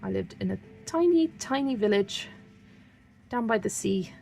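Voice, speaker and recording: Gravelly-voiced West Country woman chatting. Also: medium pitch, animated, normal speed, faint music behind. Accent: West Country English. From Wiltshire, England. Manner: chatty, rambling, soft asides while working. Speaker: colouring livestream host. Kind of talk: casual livestream chat while colouring.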